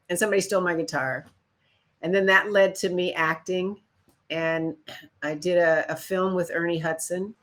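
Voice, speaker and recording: An older woman from Chicago telling stories about her career in an interview, acting out other people's lines. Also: moderate pace. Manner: animated storyteller, acts out quotes in higher voices. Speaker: guest. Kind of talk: storytelling interview.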